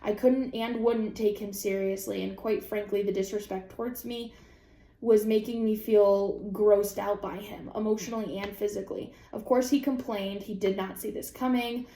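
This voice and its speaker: A young woman vlogger chatting casually, reacting to online posts in an animated, profane way with sudden high-pitched outbursts. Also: normal speed, echoey room. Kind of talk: casual chat.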